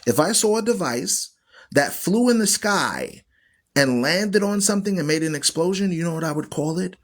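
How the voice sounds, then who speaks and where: A man with a high-pitched, animated voice speaks at a moderate pace while hosting an online Bible radio show. He teaches scripture in a preachy, emphatic manner, repeating phrases for stress and arguing with viewers.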